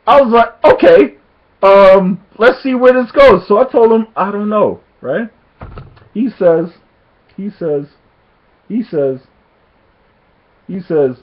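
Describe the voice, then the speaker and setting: A man of Jamaican heritage tells a casual story to his camera in a very high voice at a slow pace, with a muffled recording. He's animated, laughs often, and acts out what people said.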